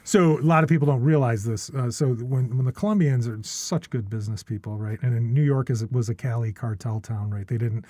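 Talking fairly fast with hardly a pause, this middle-aged podcast guest spins casual stories in a dark, medium-pitched voice. He wanders and restarts, adds question tags, and curses frequently, with no room sound.

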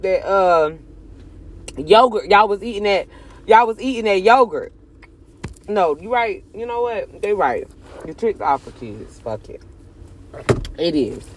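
Animated, cursing young woman vlogger. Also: medium pitch. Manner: animated, swings from loud bursts to hushed asides, cursing and joking. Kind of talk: casual chat to camera.

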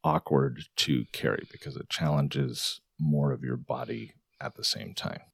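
A man's voice: extremely low pitch, a little slow, vocal fry, slightly rough, no echo, clean studio sound. A man co-hosting a casual podcast who jokes about himself and laughs often. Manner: joking, self-deprecating, laughs often. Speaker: podcast co-host and producer. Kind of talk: casual chat.

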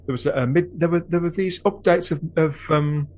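Guy hosting a podcast, thinks out loud, gets animated now and then. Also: fairly high pitch, moderate pace. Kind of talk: casual chat and reflective narration.

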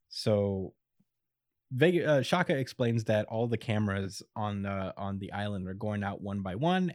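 Chill dude recapping an anime ep, laughs a lot, um and uh, dry sound. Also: male voice, on the low side, a little mellow, dry recording. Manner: laid-back, chuckling, many fillers. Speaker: podcast host recapping an anime episode. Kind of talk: casual chat.

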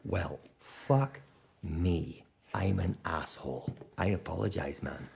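A man's voice: sits low, slow pace, vocal fry, darkish tone, slight background noise, exaggerated voice. A man voicing a foul-mouthed, scheming male pet cat in a Scottish accent, sneering and cutting. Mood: scornful.

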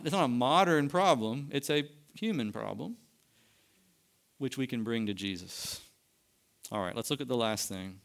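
A man's voice: mid-range voice, fairly bright tone. A man preaching a sermon to his church, building to emphatic peaks. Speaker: pastor. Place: church sanctuary.

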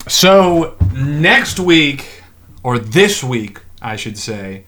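A man's voice: medium pitch, very animated, drawn-out words, pushed and bright, slight background noise. A man co-hosting a podcast, joking and chatting casually. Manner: joking, laid-back banter. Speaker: podcast co-host. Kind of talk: casual chat.

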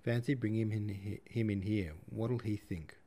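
A man voicing a plain, practical middle-aged mother who speaks in a brisk, homely way in an audiobook reading. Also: on the low side, steady tone, mellow. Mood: bustling. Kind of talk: audiobook character voice.

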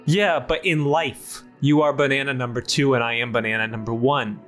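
A man's voice: medium pitch, steady tone, moderate pace, fairly bright tone, close to an everyday voice. A hot-headed chipmunk tough guy, as a man improvises him blusters and brags. His voice sits mid-range and lifts when he pushes, with faint music underneath. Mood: blustering. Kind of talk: improv comedy scene.

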